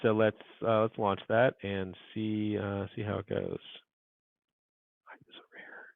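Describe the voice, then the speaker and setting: A man with a low, gravelly voice, teaching a coding class and working through each step out loud. His muttered asides sound dry and tinny, as if picked up over a phone line. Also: little pitch movement, measured pace. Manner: thinks aloud, muttering asides. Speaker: university instructor. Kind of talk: live coding lecture.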